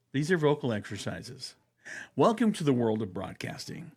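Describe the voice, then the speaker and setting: A man's voice: medium pitch, expressive, a little fast, creaky, a little mellow, breathy edge. A man hosting a casual comedic podcast, joking around and slipping into impressions. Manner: playful, jokey, doing impressions. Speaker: podcast host.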